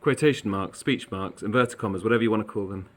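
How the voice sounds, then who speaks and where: A man's voice: fairly low pitch, quick pace, fairly bright tone, slight background noise. Man, primary teacher; encouraging, chatty delivery, slightly breathless from walking around a school, recorded on a phone. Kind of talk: recorded remote lesson instructions. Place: indoors in a school, walking between rooms.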